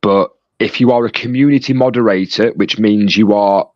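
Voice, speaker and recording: A man with a low voice reads out live chat messages, teasing and joking with viewers. His sound is dry and dull, lo-fi over a phone link. He talks as the stream's moderator. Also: steady tone, normal speed, a little mellow, dry recording. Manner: jokey, banters with chat. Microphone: phone call.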